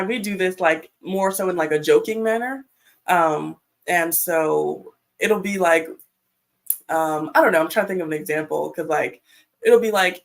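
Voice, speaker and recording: A woman speaking as a panel guest in casual chat, talkative and lively. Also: lowish voice, vocal fry. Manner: chatty, acts out quotes, laughs.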